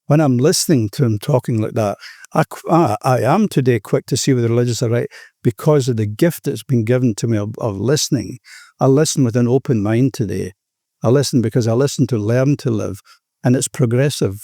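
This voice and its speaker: Older Australian man, mellow tone, earnest rambling recovery share, dry close sound. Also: medium pitch, a little fast, dry recording. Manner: earnest, rambling, peppered with "you know". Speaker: recovering alcoholic sharing his story.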